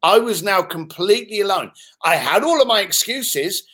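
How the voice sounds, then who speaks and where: London-accented guest in his fifties, fairly high voice with lots of melody, cheeky and animated raconteur. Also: normal speed. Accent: London English. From London, England. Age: 50s. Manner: animated, swearing, laughs while telling stories. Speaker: interview guest. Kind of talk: casual storytelling in conversation.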